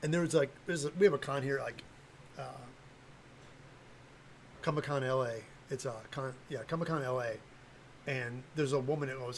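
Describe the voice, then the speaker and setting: A man's voice: medium pitch, brisk, long pauses, a little hiss or hum, poor audio. An older man talking casually on a livestream, blunt and rambling, with lots of fillers and restarts. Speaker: livestream host, cosplay prop maker.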